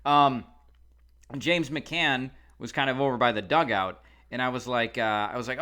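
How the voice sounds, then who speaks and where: A man's voice: medium pitch, normal speed, bright, forceful tone, clear, resonant tone. A man co-hosting a podcast, telling a rambling casual story with lots of fillers. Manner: rambling, many fillers and restarts. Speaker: podcast co-host.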